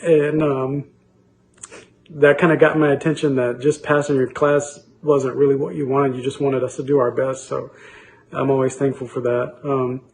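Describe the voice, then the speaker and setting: A man speaks in a level, flat voice of medium pitch, recording a tribute to an old teacher. He sounds steady and grateful throughout. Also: normal speed, slight background noise, rough recording. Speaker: former student.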